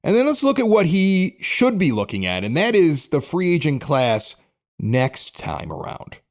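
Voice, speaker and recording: Blunt opinionated sports podcast host. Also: male voice, on the high side, big pitch swings, measured pace. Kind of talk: casual sports podcast chat.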